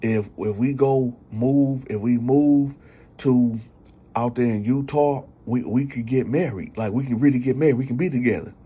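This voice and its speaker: A creepy older family friend who wheedles and presses his case without letting up, put on by a male storyteller. The voice is mellow and a little husky, and it stays close to the teller's own. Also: mid-range voice, moderate pace, lightly acted. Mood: pleading. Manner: wheedling, insistent. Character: pushy creepy grown man, family friend.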